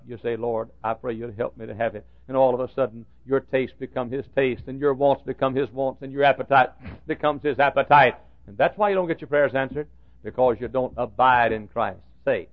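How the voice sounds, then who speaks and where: A man preaching a sermon in a folksy, animated way, jumping from loud high outbursts to hushed asides. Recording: dull lo-fi recording.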